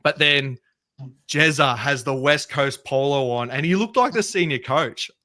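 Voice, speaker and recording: A man's voice: fairly high pitch, a little slow, pushed and bright. An Australian man hosting a casual sports podcast, joking and steering the agenda. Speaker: podcast host.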